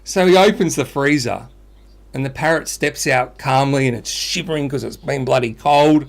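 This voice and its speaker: A man co-hosting a podcast, telling a dad joke with animated storytelling. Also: mid-range voice, normal speed, creaky. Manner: animated storytelling, laughs at own jokes. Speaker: podcast co-host.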